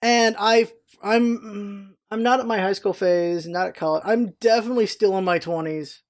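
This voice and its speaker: A vlogger in their thirties talking casually and at length, meandering from one thought to the next with frequent restarts. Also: moderate pace. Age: 30s. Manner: chatty and meandering, with frequent restarts and jumps in pitch. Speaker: vlog host. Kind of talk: casual rambling vlog talk.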